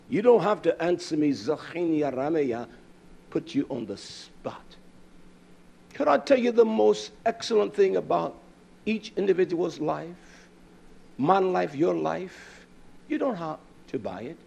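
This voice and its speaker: A man preaching a fiery sermon, booming at times and dropping to low asides to his congregation, with blunt curses and Hebrew terms mixed in. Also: creaky, husky. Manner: fiery, swings between loud declaiming and low asides to the congregation.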